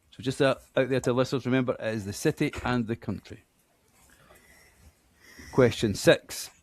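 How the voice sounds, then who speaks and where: A man's voice: mid-range voice, animated, no room sound. A man from Scotland with a Scottish accent, hosting a podcast quiz in a chatty, self-deprecating way. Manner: chatty, self-deprecating, reads names out slowly. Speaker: quiz host.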